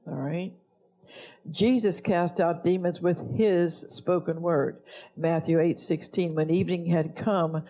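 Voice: medium pitch, warm tone, muffled recording. A pastor preaching a sermon, blunt and scolding toward the congregation.

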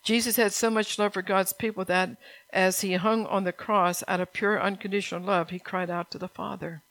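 A woman's voice: mid-range voice, fairly even intonation, moderate pace, fairly bright tone, no room sound, rough recording. A woman preaching a sermon in a folksy, earnest way, often laughing between points.

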